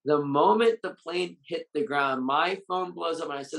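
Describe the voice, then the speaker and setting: A man's voice: on the high side, normal speed, vocal fry, a bit bright, poor audio. A Muay Thai fighter and coach, a man, speaking bluntly and with raw emotion in a candid interview, swearing freely. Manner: blunt, heavily profane, openly emotional.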